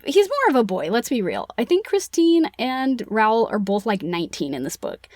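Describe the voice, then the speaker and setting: A woman's voice: fairly high pitch, sing-song, moderate pace, a little mellow, dry recording, studio quality. A woman co-hosting a casual book-club podcast, retelling a plot in a chatty, playful way with lots of "like". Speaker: podcast co-host.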